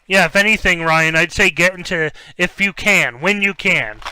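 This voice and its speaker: A man's voice: high-pitched, normal speed, slight background noise. A young man hosting a card break, chatting casually as he opens packs and reads off player names, stumbling over words now and then. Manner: rambling, stumbles over names, bursts of excitement. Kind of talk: casual live-stream chat while opening cards.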